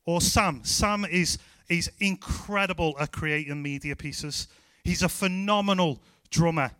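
A man with a Scouse accent preaching a lively, emphatic sermon as a pastor. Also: a little high, a little slow, smooth, no echo. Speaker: youth pastor.

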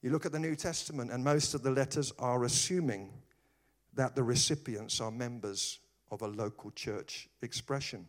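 A man preaching a sermon, telling stories with humor and acting out voices. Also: a little high. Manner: animated storytelling with put-on voices and humor.

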